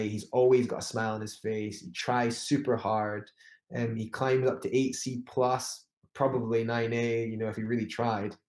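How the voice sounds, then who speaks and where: A man's voice: on the low side, darkish tone. Man, interview guest, rambling storyteller, roomy echo. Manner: rambling with many restarts and fillers. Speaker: climber guest.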